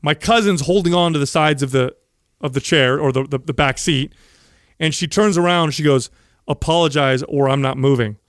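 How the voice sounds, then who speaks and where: A man co-hosting a podcast, telling a story in a casual, animated way, acting out quotes and swearing freely. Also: fairly high pitch, normal speed, dry recording, studio quality. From San Jose, California. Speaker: podcast co-host.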